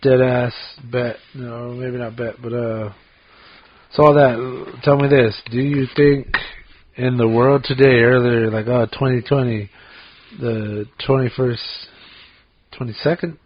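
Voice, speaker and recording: A man's voice: medium pitch, steady tone, a little slow, a little hiss or hum. A man co-hosting a podcast in casual chat, joking and laughing often. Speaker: podcast co-host. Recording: dull lo-fi podcast audio.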